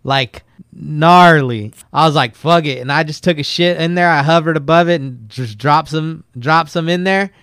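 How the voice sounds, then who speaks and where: A man casually telling profane, laughing stories about a friend in a relaxed chat. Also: a little high, moderate pace, clean tone, dry recording, clean studio sound. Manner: laid-back, profane, laughs through his stories.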